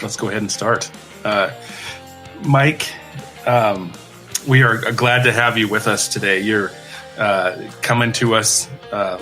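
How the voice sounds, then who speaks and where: A male podcast host opens the show and questions his guest, stumbling over his words with plenty of "uh"s. His low-pitched voice has a bright, sharp edge. Faint guitar music plays behind him. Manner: halting, with many "uh"s and repeated words. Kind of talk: podcast interview hosting.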